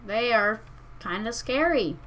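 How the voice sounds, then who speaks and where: Woman, let's-play host, rambling and hesitant, unhurried, faint background noise. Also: on the high side, animated, fairly bright tone, poor audio. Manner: rambling, hesitant, self-correcting. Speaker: gaming channel host. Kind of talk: casual let's-play commentary.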